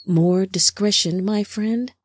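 A woman's voice: lowish voice, dark tone, close to an everyday voice. Azam, a woman reading a stern male angel leader. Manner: stern, firm, measured.

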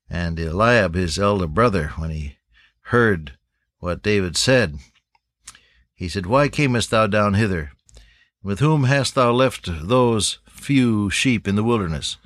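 An older man preaching a sermon to pastors in a folksy, unhurried way, with many pauses and uh's. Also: on the low side, fairly bright tone, no room sound.

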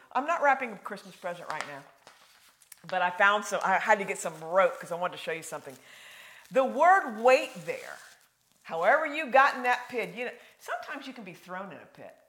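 Animated woman preaching a sermon. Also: medium pitch. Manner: animated, swings from loud emphasis to hushed; conversational, folksy asides.

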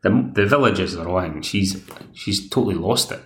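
A man's voice: deep voice, moderate pace, echoey room. A Scottish man hosts a podcast, recapping a TV episode in a chatty, rambling way. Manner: chatty, rambling, plays the characters' lines himself. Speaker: podcast host.

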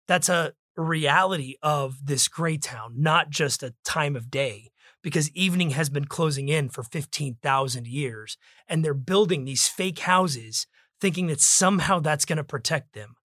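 A man hosts a book discussion podcast in an emphatic, preacher-like manner. His voice is bright and forceful, sitting slightly above the usual male pitch. The sound is dry and close. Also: no echo. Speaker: podcast host.

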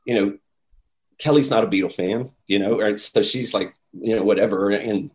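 A man telling a story in casual chat, animated, acting out the voices of the people in it. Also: fairly low pitch, moderate pace. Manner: animated, acts out quoted voices, many "like"s.

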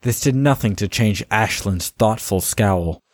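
A man narrating a fantasy audiobook in a measured, even storytelling manner. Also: fairly low pitch, dry recording, clean studio sound.

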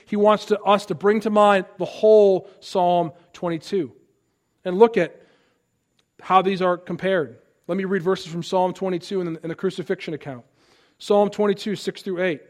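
A man's voice: high voice, moderate pace. A male pastor preaching a sermon, reading scripture aloud and building earnest emphasis on key lines.

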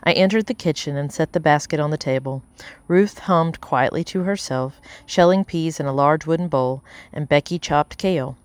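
A woman reading a novel aloud as an audiobook narrator, measured and steady, lightly voicing the characters. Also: low voice, dry recording. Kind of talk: scripted narration.

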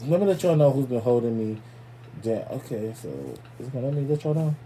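A man hosting a podcast in loose, profane, playful casual chat, giving listeners shout-outs. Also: mid-range voice, fast, a little hiss or hum. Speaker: podcast host.

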